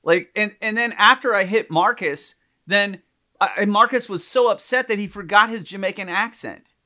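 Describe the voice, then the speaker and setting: A man telling a story in casual chat, animated, acting out the people he quotes. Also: high-pitched, normal speed.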